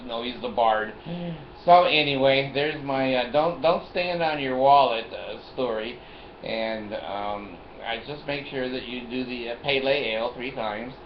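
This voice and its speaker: With a mid-range voice and an unhurried, measured delivery, an older man on a vlog tells a rambling personal tale, often chuckling and repeating himself. Faint hiss runs under the roomy, dull lo-fi sound.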